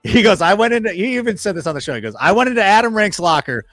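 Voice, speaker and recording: A man as a guest football analyst in a casual sports chat, telling animated stories, acting out quoted remarks and swearing freely. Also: high-pitched, very fast, soft background music. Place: studio.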